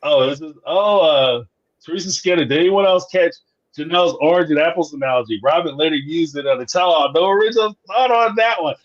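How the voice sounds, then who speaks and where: A man hosts a relaxed live stream, his voice sitting a touch high for a man. He tells his stories with energy, acts out the other people in them and laughs easily. The sound is a little muffled and lo-fi. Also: a little fast. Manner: animated storyteller, acts out dialogue, laughs often. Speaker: host of a live reality TV review show. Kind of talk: casual live-stream chat. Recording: slightly dull lo-fi sound.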